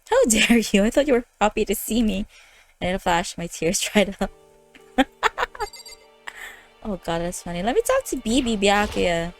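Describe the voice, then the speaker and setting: A woman's voice: mid-range voice, expressive, normal speed, long pauses, dry recording. A young woman playing a visual novel, reading every character's lines aloud in her own voice, laughing and reacting, with faint game music behind. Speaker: let's play host.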